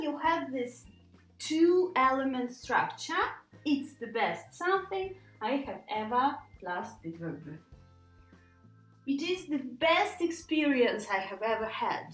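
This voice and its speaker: Slow, lively-voiced woman teaching grammar. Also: high voice, echoey room, far from the mic, low-quality recording. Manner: emphatic, stretches key words, frequent "yeah?" check-ins. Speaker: English teacher. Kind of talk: grammar lesson.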